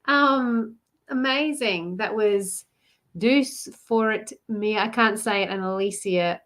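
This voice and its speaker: A woman with an Australian accent runs a live card reading about love, chatting with viewers and greeting them by name. Her voice sits a little high and has a bright, forward edge. She laughs easily and talks warmly to the people who are watching. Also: slow. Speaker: love coach and card reader.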